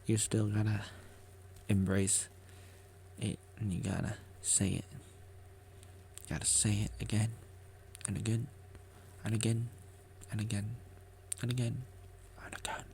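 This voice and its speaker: A man's voice: lowish voice, little pitch movement, unhurried, gravelly, long pauses, darkish tone, slight background noise. A man vlogging a rambling motivational monologue, repeating himself and joking with himself as he talks.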